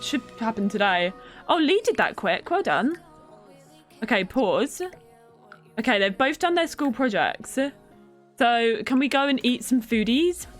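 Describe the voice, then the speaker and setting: A woman's voice: fairly high pitch, sing-song, unhurried, pauses often. A young woman streaming a game, chatting casually, reacting to the game and thanking viewers by name. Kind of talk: casual live-stream chat while playing. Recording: faint music behind.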